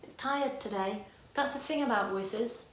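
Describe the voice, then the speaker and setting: In an echoey room with a little hiss or hum, a woman with a slightly high voice speaks a little slowly. She directs a choir, singing each part to teach it in head voice because her voice is tired, staying chatty and correcting herself along the way.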